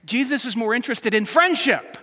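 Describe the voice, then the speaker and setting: Guy preaching a sermon on a stage mic, pretty high voice, acts out quotes, big echoey church hall. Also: brisk. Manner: animated, emphatic, acts out quotes. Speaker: pastor. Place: church auditorium with a live congregation.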